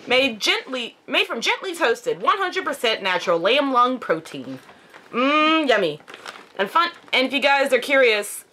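A woman vlogging a casual unboxing at home, chatty and excitable, cooing at her dogs. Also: on the high side, a little hiss or hum.

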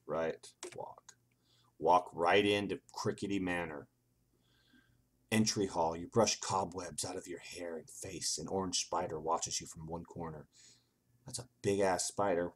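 A man whose voice sits low, steady in tone and measured in pace, reads the text of an old computer game aloud. As a gaming video host, he adds sarcastic, swearing asides and laughs at the game. Slight background noise can be heard.

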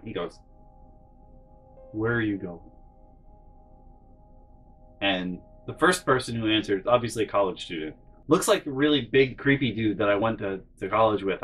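A man telling a funny story in a profane, animated way, acting out the people in it. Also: on the low side, husky, poor audio. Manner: animated, profane, acts out every character. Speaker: storytelling comedy vlogger. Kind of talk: comedic storytelling.

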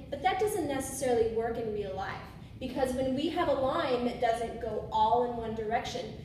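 A woman's voice: a little high, a little hiss or hum. A woman teaching swing phrasing to musicians in a casual way, correcting herself and singing syllables to demonstrate. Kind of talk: instructional demonstration. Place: room with a board. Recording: echoey room, mic set far off.

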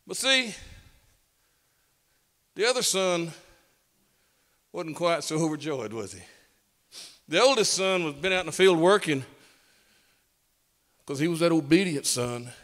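A pastor preaching with a bright, lively voice that climbs and drops across a wide range. His folksy, emphatic delivery carries a long reverb through the church. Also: fairly high pitch, a little slow, pauses often. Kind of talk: sermon. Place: church sanctuary.

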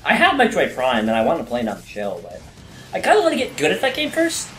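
A man playing a video game with a friend, excitable and joking crudely. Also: on the high side, fast talker. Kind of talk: casual gaming chat. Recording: roomy with game music behind.

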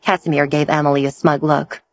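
A woman narrating a romance audiobook in steady storytelling. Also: low voice, a little fast, no echo.

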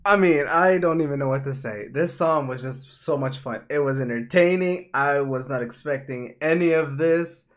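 A man from Mexico hosting a music reaction video, excitable and laughing often, mixing Japanese phrases into his English. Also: on the high side, normal speed, hardly any pauses. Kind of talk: casual reaction commentary.

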